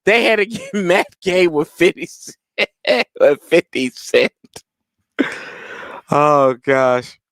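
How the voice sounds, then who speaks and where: A young man hosting a live watch-party stream, chatting casually with his viewers and laughing loudly. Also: fairly high pitch, slow, pauses often, no echo, studio quality. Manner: animated, laughs loudly, talks to chat.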